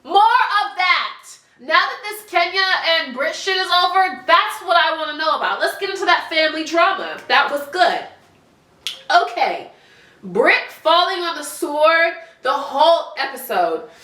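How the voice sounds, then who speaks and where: Woman vlogger, stuffy-nosed, animated and profane, bright voice with roomy echo. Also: extremely high pitch, measured pace. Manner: animated, sassy, blunt with profanity. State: congested, stuffy nose. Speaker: commentary vlogger. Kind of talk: casual reality TV commentary.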